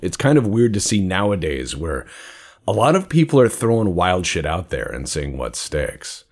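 A man from the American South hosts a podcast in a neutral American accent he puts on for the show. His voice is low but very lively in pitch. He is animated and laughs often. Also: normal speed. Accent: neutral American, put on over a native Southern one. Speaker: podcast host. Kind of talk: casual podcast chat.

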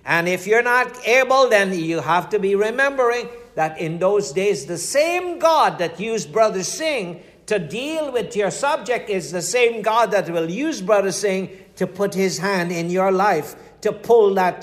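A middle-aged man, preaching a sermon in a folksy storytelling way, weaving in scripture quotes. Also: sits high. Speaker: pastor.

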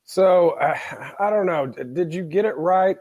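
A man's voice: sits high, moderate pace, no echo, lo-fi sound. Dry-joking podcast man. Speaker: podcast co-host. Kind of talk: casual chat.

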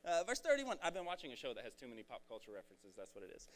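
A man's voice: medium pitch, wildly swooping pitch, rapid-fire. A young man giving a casual sermon, joking and slangy as he explains a Bible story. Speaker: preacher.

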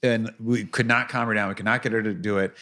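Bright-voiced man telling family stories. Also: lowish voice, fast talker. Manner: animated, acts out quoted voices. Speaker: father. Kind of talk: casual chat, storytelling.

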